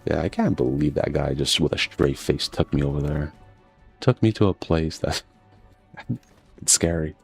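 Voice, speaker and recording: A man's voice: rumbling low, moderate pace, creaky, faint music behind. A man telling stories in a laid-back, casual chat while playing a game, swearing and laughing often. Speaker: gaming streamer.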